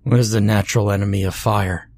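A man voicing a tough male detective with a low voice in a spoken horror story. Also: fairly even intonation, fast talker, darkish tone, dry recording, close to an everyday voice. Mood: urgent.

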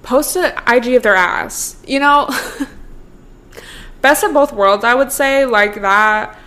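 A woman's voice: a little high, slow, pushed and bright. Chatty, profane young woman podcaster. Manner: chatty, profane, full of "like", laughs often. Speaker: podcast host. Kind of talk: casual solo podcast chat.

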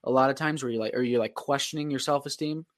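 A man's voice: mid-range voice, fast. A man co-hosting a casual podcast, laid-back and reflective, using easygoing slang. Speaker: podcast co-host, real estate agent.

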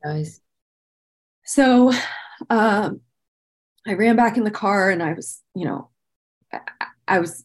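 Her voice sits at medium pitch, and she speaks at a measured pace with frequent pauses. A podcast guest in her thirties, she shares a personal story with earnest candor, full of "like" fillers and strong feeling. Painful memories visibly move her as she talks.

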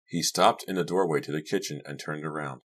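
A man narrating an audiobook in a steady, measured reading. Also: rumbling low. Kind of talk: scripted narration.

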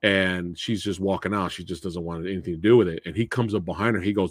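A man hosting a casual movie discussion, retelling scenes in an animated way and acting out the characters' lines. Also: medium pitch, brisk, hardly any pauses, no echo, clean studio sound. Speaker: podcast host.

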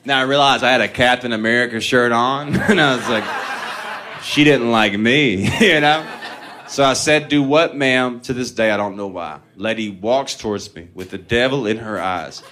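A man's voice: mid-range voice, moderate pace, bright, forceful tone. A man doing a stand-up comedy set, telling profane, self-deprecating stories and chuckling at his own lines.

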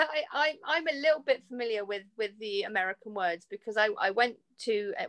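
A woman's voice: medium pitch, a bit bright, dry recording. A woman with an English accent, a podcast guest chatting casually and laughing often, with frequent restarts. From England. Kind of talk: casual chat.

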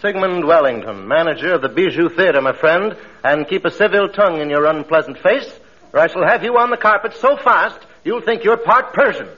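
An actor playing a pompous, fussy theater manager who speaks grandly and stammers, in 1940s radio comedy style. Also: male voice, a little high, animated, a little fast, bright, forceful tone, a little hiss or hum. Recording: dull old radio broadcast with audience laughter.

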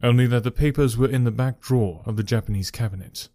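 A man's voice: mid-range voice, fast, dark tone, dry recording, studio quality, natural voice. A man voicing a country doctor who answers in short, sober sentences. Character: male country doctor, brief and grave.

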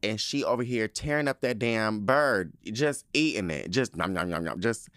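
Male speaker, casual profane rant, lively swooping pitch, dry close sound. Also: moderate pace, dry recording. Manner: profane, animated, indignant ranting; frequent laughter. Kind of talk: casual storytelling monologue.

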